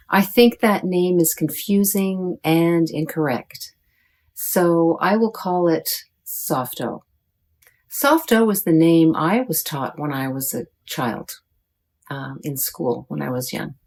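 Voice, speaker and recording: American lady teaching pronunciation, low voice, talks real slow, says each sound carefully. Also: a little mellow. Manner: deliberate, modeling sounds for learners.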